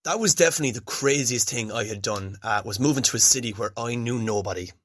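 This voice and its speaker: Bright-voiced Irish man telling his story. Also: medium pitch, fast, no echo. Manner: chatty, reflective, self-deprecating. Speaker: podcast host. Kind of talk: solo podcast storytelling.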